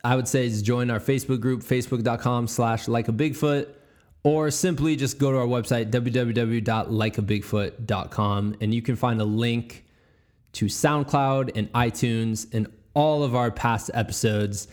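A man's voice: medium pitch, steady tone, normal speed, a little mellow. A man hosting a podcast, chatting casually, rambling and stumbling over his words and laughing easily. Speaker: podcast host.

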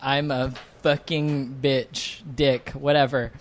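A man's voice: medium pitch, flat delivery, slow pace. A man from California, a comedian guest on a podcast, joking and self-deprecating, laughing often as he chats casually.

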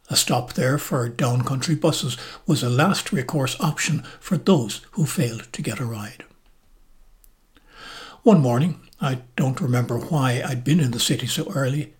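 An older Irish man reads his personal memoir aloud, steady and reflective. His voice often softens to a near-whisper at the ends of phrases. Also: medium pitch. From Ireland. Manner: measured, reflective, often soft and breathy. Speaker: narrator, motoring and travel journalist.

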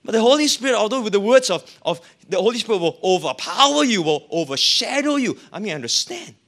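Animated preacher man. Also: high voice, fast talker. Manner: animated, emphatic preaching with rising and falling delivery. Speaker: pastor. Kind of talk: sermon.

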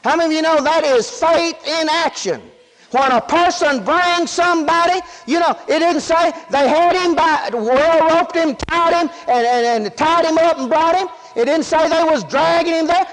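High-voiced preacher in an echoing hall. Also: male voice, moderate pace. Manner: folksy, emphatic, rhetorical questions to the congregation. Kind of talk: sermon.

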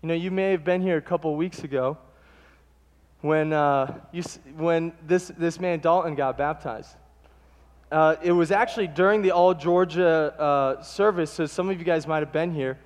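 A man preaching a sermon to his congregation, telling animated stories and acting out the quotes. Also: a little high, normal speed. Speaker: pastor. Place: church sanctuary. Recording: long hall reverb.

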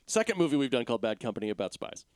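Stuffy-nosed East Coast man, lively. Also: mid-range voice, rapid-fire, smooth. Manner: dry, wry jokes. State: stuffy nose from a cold. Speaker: podcast co-host. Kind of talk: casual comedic chat.

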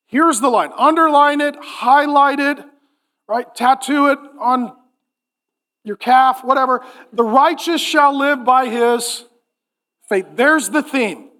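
A man's voice: very high-pitched, takes it slowly. A man in his forties preaching a sermon in church, joking and acting out little voices. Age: 40s. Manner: animated, joking, acts out voices in quotes. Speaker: pastor.

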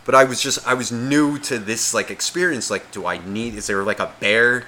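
A man's voice: mid-range voice, moderate pace, bright, forceful tone, a little hiss or hum. A man co-hosting a podcast, telling a story in casual chat, swearing a lot and acting out the voices of the people in it. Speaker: podcast co-host.

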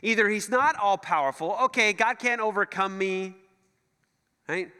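A middle-aged man preaches in a high, bright voice that swings up and down, animated and joking as he acts out the voices he quotes. His sermon rings with a long church hall reverb. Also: moderate pace, clear, resonant tone. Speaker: pastor.

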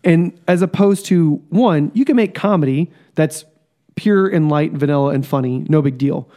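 A man co-hosting a casual podcast chat, ranting in a profane, animated way. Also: fairly high pitch, normal speed. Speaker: podcast co-host.

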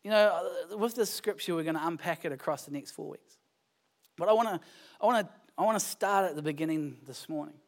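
A male pastor with a New Zealand accent delivers a Sunday sermon in church. His preaching is conversational and joking, with bursts of animated emphasis between calmer scripture readings. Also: on the high side, fairly quick.

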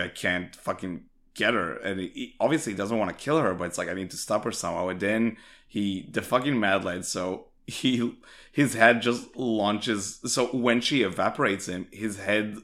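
A man's voice: on the low side, a bit bright. A man co-hosting a podcast, chatting casually and enthusiastically about a film, swearing often and acting out the characters' lines. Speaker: podcast co-host. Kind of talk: casual chat recapping a film.

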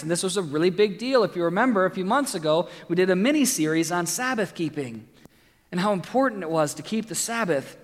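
A man's voice: high voice, fairly bright tone, long reverb tail. A man preaching a sermon as pastor, reading scripture dramatically and adding light jokes.

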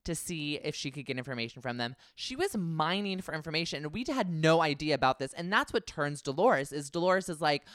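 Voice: mid-range voice, lively intonation, a little fast, hardly any pauses, a bit bright, dry recording, studio quality. A podcast co-host in casual chat, a chatty storyteller who keeps acting out what others said. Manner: chatty storyteller, acts out quotes, frequent restarts.

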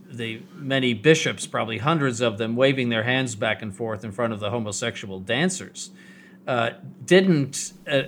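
Halting bishop on talk radio. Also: male voice, medium pitch, a bit bright, slight background noise. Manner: halting, many restarts, emphatic. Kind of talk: casual radio discussion.

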